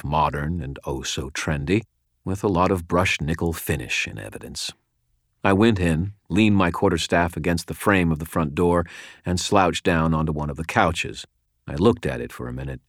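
A man reads a first-person story in a wry, deadpan way. His voice is very low and the recording is close and dry, with no room sound. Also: dry recording. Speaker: audiobook narrator. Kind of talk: first-person scripted narration.

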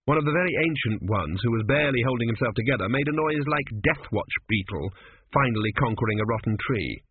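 A man reads a comic fantasy audiobook in a dry, wry manner, his pitch moving in a lively way. The voice is husky and close, but the whole recording sounds thin and phone-like. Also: brisk. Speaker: narrator. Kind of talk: audiobook narration.

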